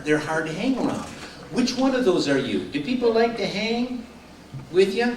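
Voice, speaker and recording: A middle-aged man with a fairly high voice speaks to a group in a casual, sermon-like way, telling lively stories and laughing along. He sounds distant from the mic in an echoey hall with faint room noise behind him. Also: a little slow.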